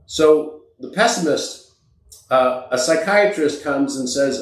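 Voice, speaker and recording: A man's voice: a little high, animated, measured pace. A man who is a podcast guest, telling motivational stories in an emphatic and earnest way. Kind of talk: motivational storytelling. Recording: echoey room.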